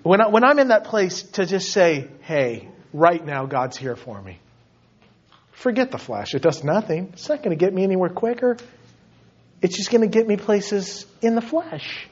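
A man's voice: high-pitched, big pitch swings, normal speed, husky, lo-fi sound. A man preaching a sermon, acting out mock voices of complaining believers between points. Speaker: pastor.

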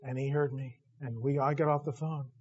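A man preaching a sermon, telling stories with lively acted-out voices. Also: medium pitch, brisk, slightly rough. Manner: animated storytelling, acts out voices. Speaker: pastor. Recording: dull lo-fi recording.

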